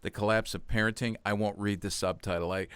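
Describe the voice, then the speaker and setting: A man's voice: on the low side, steady tone, brisk, clean tone, no echo. A man hosting a podcast, enthusiastically thanking his guest and wrapping up the episode. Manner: warmly enthusiastic, repeats thanks. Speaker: podcast host. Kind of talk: casual chat, closing an interview.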